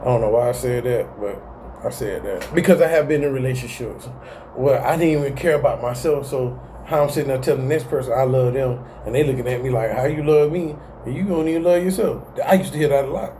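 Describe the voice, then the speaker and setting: Animated slangy man, mellow tone. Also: mid-range voice, quick pace, a little hiss or hum. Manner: animated, slangy, laughs at himself. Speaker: self-help video host. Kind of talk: casual motivational talk to camera.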